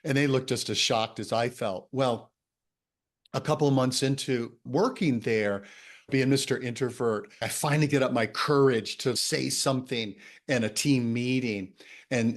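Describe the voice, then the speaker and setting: A man tells a workplace story in a relaxed conversation. His voice sits at a middle pitch. He is animated and laughs often while he talks. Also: normal speed. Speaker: coach and author.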